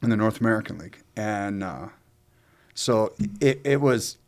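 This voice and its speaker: A man with a fairly low voice tells a long personal story in a casual, unscripted chat. He rambles and swears freely, loses his place and circles back with plenty of ums and restarts. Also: animated, normal speed, darkish tone. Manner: rambling and profane, with many fillers and restarts. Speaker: co-host telling his own story.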